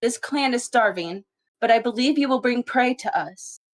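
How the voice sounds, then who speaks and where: A woman voicing a calm, authoritative female clan leader cat in a fan-made cat movie, measured and commanding. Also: fairly high pitch, lightly acted.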